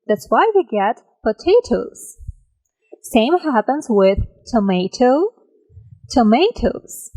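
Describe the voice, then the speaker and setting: A woman teaching an English grammar lesson, drawing out each example word slowly and often checking in with a "right?". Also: a little high, warm tone, low-quality recording. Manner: slow, careful, drawn-out example words; checks in with listeners by asking "right?".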